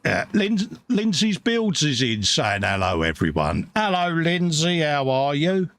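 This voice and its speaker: A man's voice: on the high side, wildly swooping pitch, unhurried, a bit bright, no room sound. A middle-aged man from the UK hosting a casual live chat show, reading out viewer comments and bantering with friends. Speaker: livestream host.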